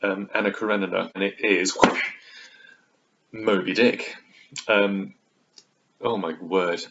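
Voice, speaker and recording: Brief: lower-voiced man, theatrical book vlogger, muffled lo-fi recording. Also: fairly even intonation, takes it slowly, a bit bright. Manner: chatty and theatrical, slipping into exaggerated quoted voices. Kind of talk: casual book review vlog. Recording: dull lo-fi recording.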